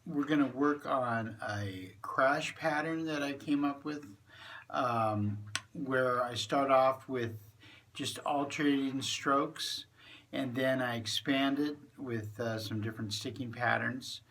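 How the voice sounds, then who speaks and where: A man giving a drum lesson, explaining crash patterns step by step in a relaxed way with plenty of fillers. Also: medium pitch, slow pace. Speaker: drum teacher. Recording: voice from a distance from the mic. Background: drum kit and cymbals.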